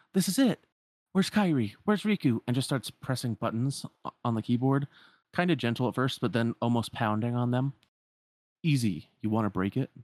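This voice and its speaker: A man's voice: mid-range voice, no echo. A man casually retelling a story as a podcast host, with lots of filler words.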